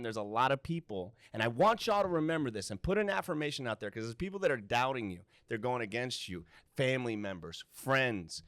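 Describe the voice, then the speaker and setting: A man, a guest actor and radio personality, telling animated stories to a student audience. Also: medium pitch, no echo, clean studio sound. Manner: animated, emphatic storyteller. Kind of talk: storytelling to a live student audience.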